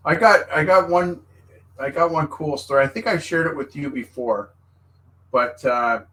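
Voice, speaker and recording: A man hosting a podcast, talking in a relaxed, conversational way and starting an anecdote of his own. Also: a little high, moderate pace, poor audio. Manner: relaxed, conversational, frequent short agreements. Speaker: podcast host.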